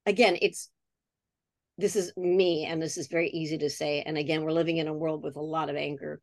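A woman's voice: deep voice, fairly even intonation, fairly quick, darkish tone, dry recording. A woman in her sixties, a podcast guest talking in an earnest, reflective way in casual conversation. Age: 60s. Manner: earnest and reflective, acts out remembered dialogue.

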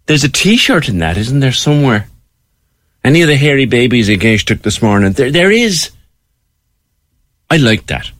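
Animated Cork radio host, man. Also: mid-range voice, no room sound, clean studio sound. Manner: chatty, storytelling, animated. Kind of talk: casual radio chat.

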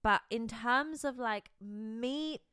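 A young woman co-hosting a casual podcast, telling stories in an animated, giggly way with lots of fillers. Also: on the high side, takes it slowly, clear, resonant tone, dry recording, studio quality. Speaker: podcast co-host. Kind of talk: casual chat.

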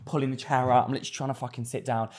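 A man co-hosting a podcast, telling gossipy stories and acting out quotes. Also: medium pitch. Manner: fast, animated gossipy storyteller doing quotes. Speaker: podcast co-host. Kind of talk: casual chat.

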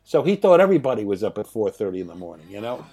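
A man in his sixties, a guest in an interview, telling anecdotes from home in a lively way, often laughing and swearing. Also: lowish voice, racing, creaky, breathy edge. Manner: animated, laughing, profane.

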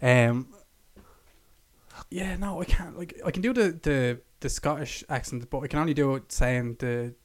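A young man hosts a casual podcast in a mid-range voice. He is chatty and joking, leading the conversation with easy questions. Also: medium pitch. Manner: chatty, quick to joke, leads the questions. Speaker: podcast host. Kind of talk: casual chat.

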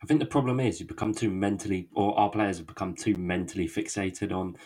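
Man, very deep voice, measured, reflective, casual podcast talk. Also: a little mellow, husky. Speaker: podcast panelist. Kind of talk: casual football debate.

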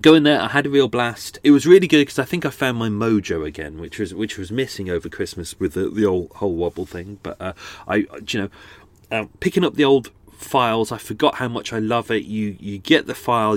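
His voice on the low side, animated and fairly quick, a man chats loosely on his podcast from a houseboat, nose slightly blocked. The talk meanders, full of restarts and side comments. He speaks close to a studio microphone, and there's no room sound.

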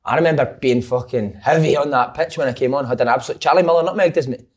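A man's voice: mid-range voice, quick pace, husky. A man and former footballer, co-hosting a casual chat, telling laddish stories with plenty of swearing. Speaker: podcast co-host, former footballer.

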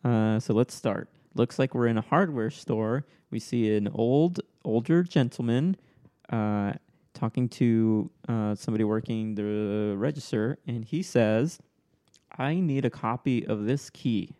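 A man's voice: mid-range voice, unhurried, mellow. A man hosting a casual podcast chat, describing comic panels and reading their dialogue aloud.

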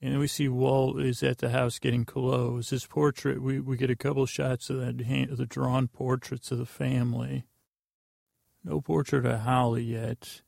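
A man with a heavily gravelly, creaky voice talks through a recap of an episode. His pitch barely moves, so he sounds like an even drone. He rambles offhand and often corrects himself mid-sentence, and his voice sits close and dry on the mic. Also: normal speed, dry recording. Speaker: podcast host.

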